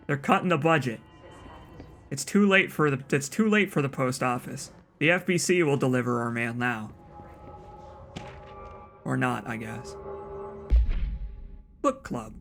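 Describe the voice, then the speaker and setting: A man's voice: mid-range voice, animated, measured pace, vocal fry, long pauses, fairly bright tone, slight background noise. A man hosting a let's play, giving casual, wry commentary with stammered restarts.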